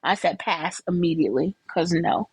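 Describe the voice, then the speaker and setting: A woman's voice: measured pace, no room sound, low-quality recording. Chatty woman, dry close sound. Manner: chatty and candid, with frequent laughs and jumps to high pitch. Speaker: host reviewing a film. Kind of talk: casual chat.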